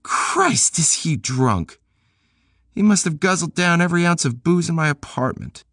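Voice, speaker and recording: A male narrator doing a tough, sassy young woman, pitched well above a man's voice. She is blunt and brash, swearing and teasing freely. Her lines sound dry and close, as in a studio audiobook. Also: expressive, measured pace, a bit bright, dry recording, full character voice.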